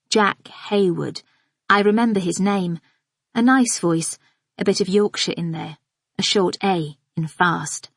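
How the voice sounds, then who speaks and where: A woman's voice: on the low side, gravelly, slightly rough, no room sound. Woman narrating in a dry, close read. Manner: measured, observant, inward. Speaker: audiobook narrator. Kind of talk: scripted first-person narration.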